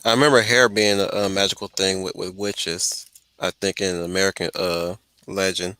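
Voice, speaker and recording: A man's voice: low-pitched, level tone, normal speed, pushed and bright, clear, resonant tone, dry recording. A male host in casual chat, joking and self-deprecating.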